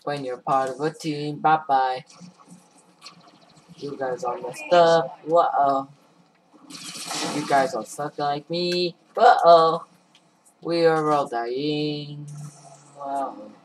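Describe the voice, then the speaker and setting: A man's voice: fairly high pitch, steady tone, takes it slowly, background noise. A man giving casual gameplay commentary in a goofy, rambling, self-mocking way. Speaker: gaming YouTuber.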